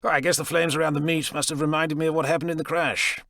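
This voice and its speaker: A man's voice: fairly high pitch, level tone, fast, vocal fry, a bit bright, dry recording, clean studio sound, pitched above the performer's own voice. A man voicing a wary, sardonic squadron leader in his thirties, his voice raised and strained above his own. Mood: uneasy.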